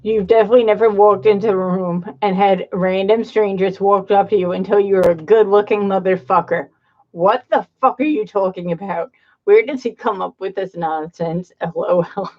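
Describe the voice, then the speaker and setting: A woman's voice: medium pitch, steady tone, moderate pace. Sarcastic woman commentator, slightly muffled. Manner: sarcastic, incredulous. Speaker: commentary channel host. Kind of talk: mocking commentary.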